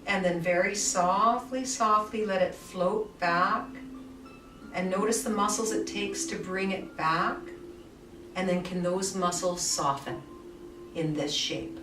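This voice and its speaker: A woman yoga teacher guiding a somatic movement class with soft, soothing cues. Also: fairly low pitch, takes it slowly, long pauses. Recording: echoey room, mic far off, faint music.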